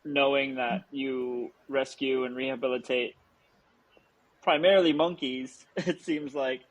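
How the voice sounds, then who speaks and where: Man, podcast co-host, playful joking chat, mid pitch. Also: fairly even intonation, unhurried, poor audio. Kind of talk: casual interview chat.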